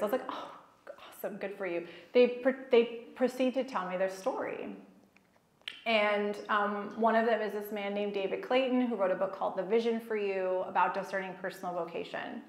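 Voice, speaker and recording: A woman giving a personal, storytelling talk at a faith gathering, lively and self-mocking, often laughing at herself. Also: mid-range voice, normal speed. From child of Egyptian parents, raised in America. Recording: echoey hall.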